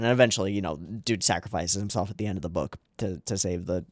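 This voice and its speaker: A man's voice: lowish voice, steady tone, quick pace, few pauses, darkish tone, no echo, clean studio sound. A man hosting an anime reaction channel, rambling through casual episode commentary and swearing freely along the way.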